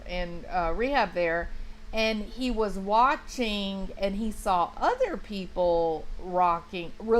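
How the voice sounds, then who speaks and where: A woman's voice: mid-range voice, slight background noise, rough recording. A woman hosting a true crime livestream, talking casually to her viewers and greeting them by name. She is emphatic and chatty and often restarts her sentences. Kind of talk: casual livestream commentary, reading chat.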